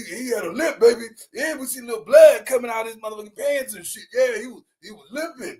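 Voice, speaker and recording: A man giving casual, slangy reaction commentary, laughing often and breaking into loud bursts. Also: high-pitched.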